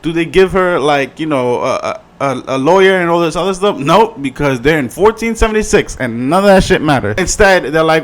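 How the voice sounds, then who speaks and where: Profane, animated man reviewing a show. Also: on the high side, a little fast, hardly any pauses. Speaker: video reviewer. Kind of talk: casual review vlog.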